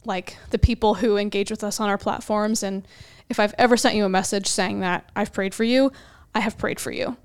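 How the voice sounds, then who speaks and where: Smooth-voiced earnest woman podcast co-host. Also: mid-range voice, steady tone, a little fast, hardly any pauses. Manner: earnest, reflective, speaks in long flowing runs. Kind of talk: casual faith talk.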